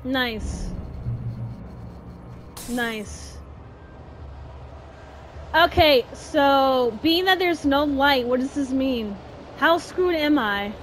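Slow, high-voiced woman gamer. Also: music in the background. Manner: chatty, exasperated, exclaiming at the game. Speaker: gaming channel host. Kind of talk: casual let's-play commentary. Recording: steady noise with game sounds behind.

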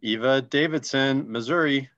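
Relaxed man on a dull lo-fi call. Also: mid-range voice, normal speed. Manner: relaxed, friendly, joking. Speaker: co-host. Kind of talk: casual call recognition.

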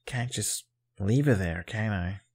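A man's voice: lowish voice, slow pace, vocal fry, darkish tone, husky, heavily acted. A man reading a nervous, muttering young man. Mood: bewildered. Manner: muttering, wry. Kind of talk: fan fiction audiobook reading.

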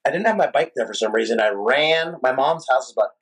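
A rock singer guest telling a long, animated, profane story in a casual interview. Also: male voice, mid-range voice, fast talker, breathy edge, poor audio. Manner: animated, profane, rambling anecdotes.

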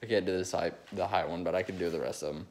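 Young man, low-ish voice, rambling amateur impressionist, phone recording. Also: steady tone, quick pace, a little mellow, slight background noise. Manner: rambling, restarts often, eager. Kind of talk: casual chat between impressions.

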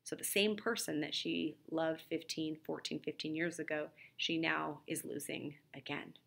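A woman's voice: low voice, steady tone, normal speed, creaky, a bit bright. A woman teacher summarizing a play for a literature lesson, retelling it in a conversational way with fillers.

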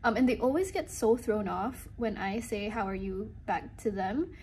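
A woman's voice: medium pitch, animated, normal speed, a little mellow, breathy edge. A young woman from Singapore chatting casually in a hotel room video diary, rambling and upbeat, filmed on a handheld phone. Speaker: vlogger. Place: small hotel room, indoors.

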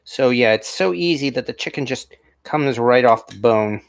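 A chatty man hosting a home cooking livestream, chuckling often and reading viewer comments aloud. His voice sits at an ordinary middle pitch, and it is recorded close and dry with no room echo. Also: animated, moderate pace, vocal fry. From New England, USA. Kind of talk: casual live-stream chat while tasting food.

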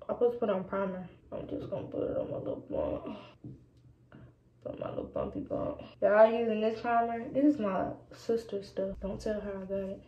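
A woman's voice: medium pitch, mellow. A young woman vlogging casually while doing her makeup, talking to her viewers and sometimes dropping to a whisper. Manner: chatty, addresses viewers as y'all, drops into whispers. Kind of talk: casual get-ready-with-me chat. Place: indoors at home doing makeup. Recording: echoey room, dull lo-fi sound, faint noise.

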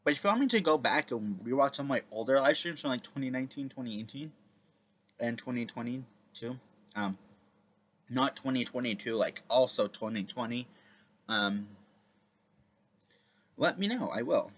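A man's voice: mid-range voice, lively intonation, normal speed, long pauses, a bit bright. A man, the video creator, chatting casually and rambling with many fillers. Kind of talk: casual reaction chat.

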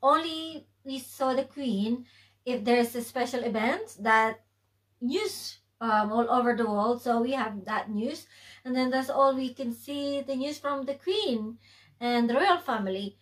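A woman's voice: on the high side, unhurried, fairly bright tone, rough recording. A woman from the Philippines, chatting casually on a vlog and often restarting her sentences. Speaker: vlog co-host. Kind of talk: casual chat to camera.

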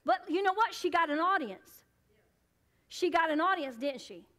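A woman pastor preaching a sermon, swinging between loud emphatic bursts and hushed, low asides. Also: lively intonation, normal speed.

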